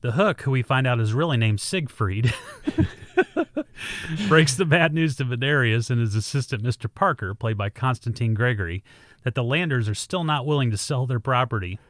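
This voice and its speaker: A man's voice: mid-range voice, lively intonation, moderate pace, no room sound. A man co-hosting a podcast, recapping a movie plot with dry, wry remarks. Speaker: podcast co-host.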